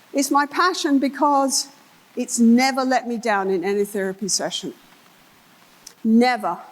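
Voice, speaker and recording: An older therapist from England gives a conference keynote in a conference hall, animatedly telling case stories and acting out the voices of the people in them. Her voice is fairly high, and the recording is low quality.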